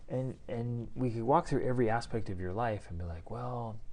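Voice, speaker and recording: A man's voice: mid-range voice, moderate pace, mellow. A man in his forties co-hosting a casual parenting podcast. He talks bluntly and with emphasis, and acts out other people's voices in his stories. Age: 40s. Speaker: podcast co-host. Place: hotel room.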